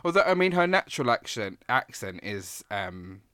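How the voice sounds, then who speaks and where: A man's voice: lowish voice, sing-song, normal speed, bright, forceful tone, clean tone, no room sound, studio quality. A man in his thirties co-hosting a casual film review podcast, rambling with many hesitations. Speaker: podcast co-host.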